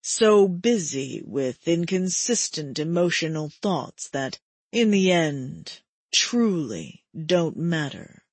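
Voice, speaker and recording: A woman voicing a cruel, mocking male immortal villain with a breathy tone, speaking low and drawn-out. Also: expressive, dry recording, exaggerated voice. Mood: scornful.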